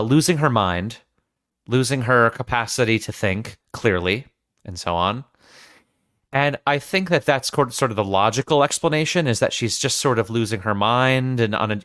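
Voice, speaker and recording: A man hosting a film podcast, earnest and analytical, circling back and restarting his sentences as he works out a thought. His voice sits at a middle pitch and sounds dry and close, with no room around it. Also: fairly bright tone, clean tone, no echo. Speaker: podcast host. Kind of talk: casual film discussion.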